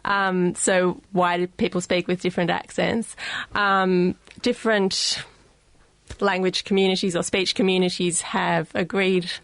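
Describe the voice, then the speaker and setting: A woman with an Australian accent, a guest expert explaining speech science on a radio show in a studio, careful and measured with frequent ums. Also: on the low side, level tone, dry recording. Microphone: studio mic.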